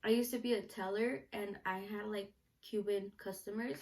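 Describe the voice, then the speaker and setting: A woman's voice: medium pitch, steady tone, normal speed, a little mellow. A young woman chatting casually to camera in a question-and-answer vlog, bubbly and full of "like" and "you know". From United States, Mexican parents. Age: young adult. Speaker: vlogger, student reporter.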